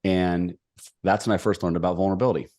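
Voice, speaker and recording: A middle-aged man telling a personal story as a podcast guest, energetic and emphatic. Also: sits low, fast. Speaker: podcast guest, executive coach.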